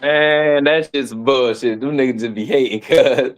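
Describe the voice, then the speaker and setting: A man's voice: mid-range voice, unhurried. A man joining a casual boxing chat, laid-back and slangy, laughing often. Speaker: co-host guest.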